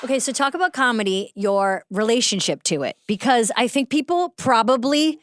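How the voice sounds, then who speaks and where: A woman's voice: fairly high pitch, animated, moderate pace, noisy background. A woman, hosting a casual podcast chat, teasing her guest and laughing often. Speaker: podcast host.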